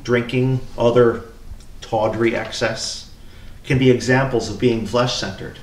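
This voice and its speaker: A man preaching a sermon in a church, with an earnest, measured delivery that moves between scripture and storytelling. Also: medium pitch. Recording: echoey church from far off.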